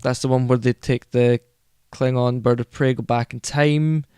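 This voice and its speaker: Man, casual podcast co-host, smooth resonant voice, dry close mic, rambling, enthusiastic. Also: medium pitch, steady tone, moderate pace, dark tone, no echo. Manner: rambling, self-correcting, enthusiastic. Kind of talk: casual chat.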